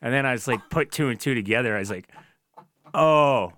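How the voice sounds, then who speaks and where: A man's voice: mid-range voice, rapid-fire, sharp tone. A man co-hosting a podcast, telling stories in a casual, profane, ranting way. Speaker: podcast co-host. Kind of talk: casual chat.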